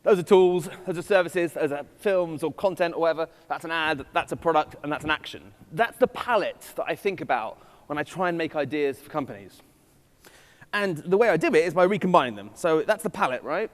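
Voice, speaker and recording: A man's voice: on the high side, lively intonation, brisk. Playful Englishman talking in a big hall. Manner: playful, self-mocking asides to the audience. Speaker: conference speaker. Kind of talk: keynote talk to a live audience. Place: festival stage in a large hall. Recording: long reverb of a large hall.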